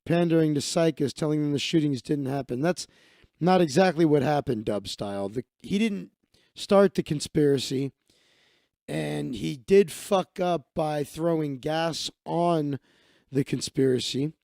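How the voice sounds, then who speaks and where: A man's voice: a little high, gravelly, darkish tone, no echo, studio quality. A man hosting a live stream, telling stories and answering chat in a rambling, profane, casual way. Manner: rambling, profane, quick asides.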